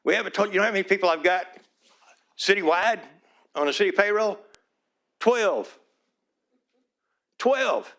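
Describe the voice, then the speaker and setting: A man's voice: high voice, fast, bright, forceful tone. Pleading small-town mayor, a man. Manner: earnest and pleading, repeats "please", voice turns emotional. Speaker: small-town mayor speaking at a city board meeting. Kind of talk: public comment at a city council meeting.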